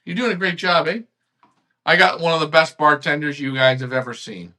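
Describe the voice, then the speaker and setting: A man hosting a live online pigeon club show, ranting heatedly, swearing and swinging from shouts to quiet mutters. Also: on the high side, a little fast. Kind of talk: heated live-stream rant.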